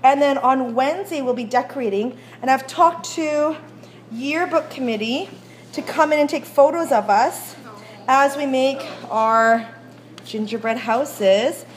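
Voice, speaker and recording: In a school classroom kitchen, a high-voiced woman teacher leads a baking demo at an unhurried pace, chatting and frequently checking that everyone can see and follow. She grows out of breath while rolling dough. The clip was recorded on a phone in class.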